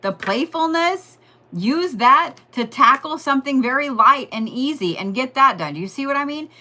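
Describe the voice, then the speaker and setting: A woman with a lilt hosts a casual astrology reading. Her voice is bright and sits a bit high, and she rambles, jokes and swears freely as she talks straight to her listeners. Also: expressive, moderate pace. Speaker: astrology and Reiki host.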